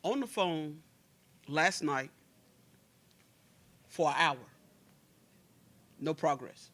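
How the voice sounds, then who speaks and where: A man's voice: fairly high pitch, animated, extremely slow, a bit bright. A man from the United States co-hosting a casual podcast in a cigar lounge, telling a story with emphatic asides. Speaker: podcast co-host.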